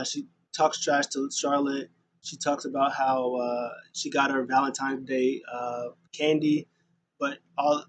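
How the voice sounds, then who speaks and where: A man talks through last night's wrestling in a loose, rambling way, full of ums and uhs. His pitch sits in an ordinary middle range. A faint hiss of background noise runs under the voice. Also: low-quality recording. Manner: rambling, filler-heavy retelling with quick voiced asides. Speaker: wrestling show recap host. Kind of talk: casual recap of a wrestling show.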